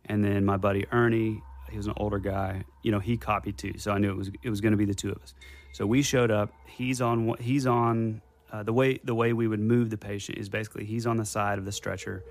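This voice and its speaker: A man's voice: fairly low pitch, level tone, brisk. A young adult man telling a personal story casually to a host, with a rambling, detail-heavy delivery full of restarts.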